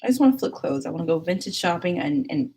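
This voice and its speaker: A young woman chats casually with viewers on a livestream, her voice low and husky. She is talkative and loose, dropping into whispers for asides. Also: fast. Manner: chatty, animated, laughs and whispers asides. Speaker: livestream host. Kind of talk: casual live chat reading comments.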